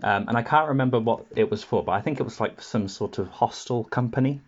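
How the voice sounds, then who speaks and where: A man's voice: medium pitch, fairly quick, dull audio. A man on a podcast, telling rambling stories full of laughs and acted-out quotes, in casual chat.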